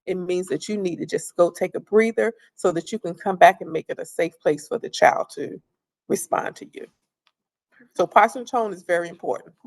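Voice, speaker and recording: Female presenter, middle-aged, calm and conversational, slightly gravelly tone. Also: on the low side, normal speed. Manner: calm, conversational, repeats phrases. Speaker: parenting workshop presenter. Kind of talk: instructional talk.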